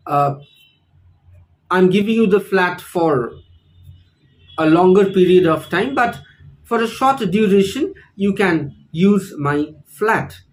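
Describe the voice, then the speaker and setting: A teacher, explaining phrases slowly and deliberately in an online lesson, repeating each example. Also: mid-range voice, lively intonation, low-quality recording. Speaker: English teacher.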